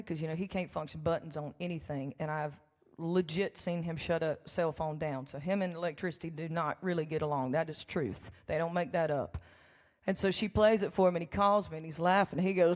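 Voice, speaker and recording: A woman, a country songwriter telling folksy, animated stories during a live church concert. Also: low-pitched, fairly quick. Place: church sanctuary. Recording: long hall reverb with faint music.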